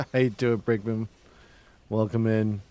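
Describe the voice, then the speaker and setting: A man from Massachusetts chatting casually on his livestream, halting and restarting often as he talks. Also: lowish voice, steady tone, warm tone. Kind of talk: casual stream chat.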